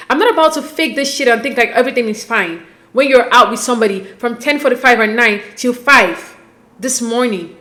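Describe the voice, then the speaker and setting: A woman hosting a casual, animated recap, talking conversationally and acting out quotes as she goes. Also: on the high side, brisk, reverberant. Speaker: podcast host recapping a reality show.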